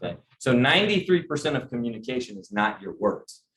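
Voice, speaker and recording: A middle-aged sales trainer addresses a group in a mid-range, fairly bright voice, brisk and sing-song. His style is casual, and he frequently turns to the audience with questions.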